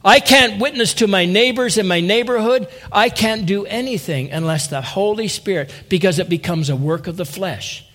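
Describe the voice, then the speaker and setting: A man with a fairly high voice preaches to his congregation. He is earnest and builds into impassioned appeals, calling out to listeners by name. His voice lifts higher as the urgency grows. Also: moderate pace, few pauses, fairly bright tone. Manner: addresses listeners as saints and by name. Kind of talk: sermon.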